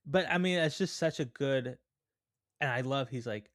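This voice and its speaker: A man's voice: medium pitch, normal speed, fairly bright tone, no room sound, clean studio sound. A man co-hosting a podcast, chatting casually and laughing about a film he just watched. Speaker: podcast co-host.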